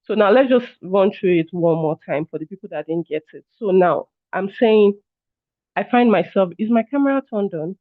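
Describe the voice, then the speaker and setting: Running a live online workshop, a high-voiced trainer talks casually and animatedly at normal speed, apologizing as he checks in and repeatedly calling listeners "guys." His voice comes through a narrow, phone-like video call line, dry with no room echo.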